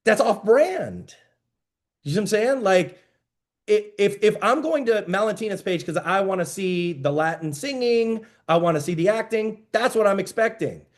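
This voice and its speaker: Emphatic man coaching a business group. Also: high-pitched. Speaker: business mentor. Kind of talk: motivational mastermind talk.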